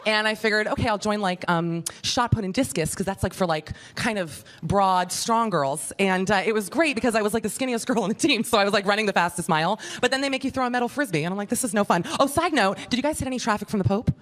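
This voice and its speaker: A woman's voice: mid-range voice, fast, few pauses. A woman performing a chatty, self-mocking stand-up set, talking straight to the audience from a comedy club stage.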